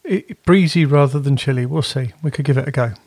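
A man's voice: medium pitch, fairly quick, a little mellow, breathy edge, no room sound, studio quality. A man co-hosting a podcast from home, chatting in a rambling way and often correcting himself. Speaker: podcast co-host. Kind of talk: casual chat.

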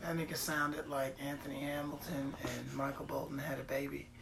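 A man's voice: mid-range voice, flat delivery, moderate pace, vocal fry, noisy background. Laughing, profane male podcast host. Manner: profane, boisterous, laughs often. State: tired late at night. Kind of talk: casual comedic podcast chat.

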